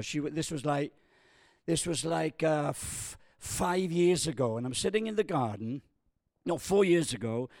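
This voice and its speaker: Older male preacher, high pitch, storyteller who gets loud and excited at punchlines; dry sound. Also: vocal fry, no room sound. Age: 60s. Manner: storytelling, jokey, stumbles and restarts. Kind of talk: sermon with a personal story.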